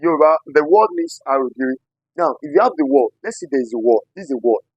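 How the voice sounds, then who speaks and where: A man's voice: fairly high pitch, lively intonation, fast, breathy edge, no echo. A man teaching a physics lesson at a board, repeating key points and asking rhetorical "what?" questions before giving the answer. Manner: repetitive, asks the class rhetorical "what?" questions.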